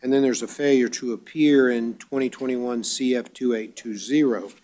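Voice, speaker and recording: A man presiding as judge at a court bond hearing, reading charges briskly and dropping dry wisecracks. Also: mid-range voice, steady tone, mellow.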